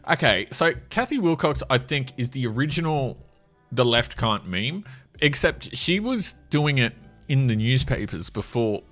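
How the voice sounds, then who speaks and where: A man's voice: mid-range voice, sing-song, a little slow, a bit bright. Sarcastic man, faint music. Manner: sarcastic and mocking, laughs often. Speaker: commentator reading social media. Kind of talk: casual commentary on a feed.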